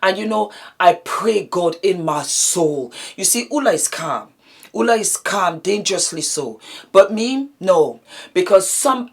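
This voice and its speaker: A woman's voice: fairly low pitch, lively intonation, a little slow, vocal fry, slightly rough. A woman vlogger talking to her viewers in impassioned commentary, emphatic and indignant, repeating phrases for force.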